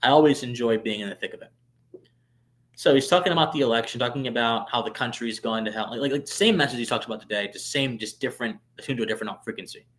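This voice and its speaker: A man hosting a live stream, telling a long personal story in a chatty way, full of fillers, restarts and sudden swings between hushed asides and loud bursts. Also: mid-range voice, fast talker. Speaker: streamer and show host.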